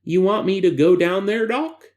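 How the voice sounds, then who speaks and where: A man voicing a nervous, reluctant male test subject in a high, nasal, slightly froggy voice. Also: normal speed, a little mellow, lightly acted. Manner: pleading, reluctant.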